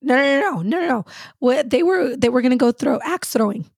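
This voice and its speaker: A woman co-hosting a podcast in casual chat, an animated storyteller who acts out the people she quotes. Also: high-pitched, fairly quick, gravelly, slightly rough, dry recording, clean studio sound. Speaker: podcast co-host.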